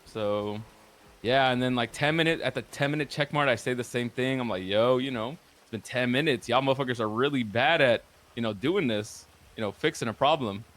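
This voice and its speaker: Talking a little fast at medium pitch, with a somewhat bright sound, a roleplay streamer rambles through a casual story of his roleplay game, cursing and using lots of fillers.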